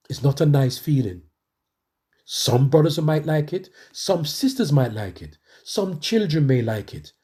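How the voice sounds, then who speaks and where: A man's voice: medium pitch, dark tone. A middle-aged man preaching a testimony sermon, conversational and emphatic, repeating phrases for emphasis.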